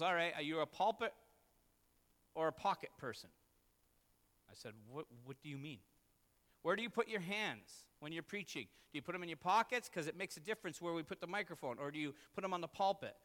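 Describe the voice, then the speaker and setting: A male pastor delivers a sermon through a personal story, earnest and self-deprecating. His voice is fairly high and bright. It rings out with a long reverb in a church hall. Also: animated, a little fast, pauses often.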